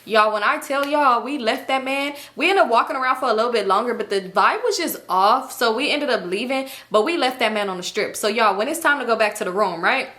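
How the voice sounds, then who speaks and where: A young adult woman vlogger telling a casual storytime, animated and profane, laughing often. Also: a little high, a little fast, few pauses.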